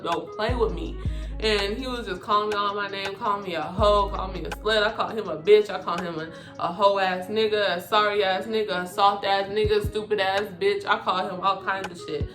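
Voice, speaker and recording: A woman telling a personal story to her viewers in a casual monologue, animated and full of cursing. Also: medium pitch. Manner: animated, profane, talks straight to viewers. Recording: echoey room with music behind.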